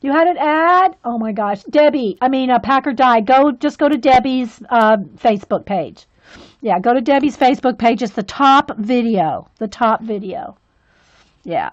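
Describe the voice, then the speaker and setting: A woman's voice: a little high, lively intonation, moderate pace. A woman hosting a casual livestream while coloring, chatty and gushing with frequent exclamations. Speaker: livestream host coloring with viewers. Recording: dull lo-fi sound.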